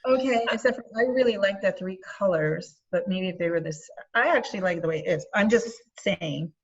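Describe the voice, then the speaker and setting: A woman's voice: mid-range voice, a little fast, slightly rough, lo-fi sound. A woman in a class asking questions and thinking aloud about a classmate's design, over a video call.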